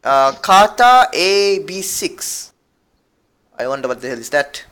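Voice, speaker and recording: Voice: medium pitch, very animated, slow pace, fairly bright tone. A podcast co-host chatting casually, giggling and rambling while reading aloud. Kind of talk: casual chat.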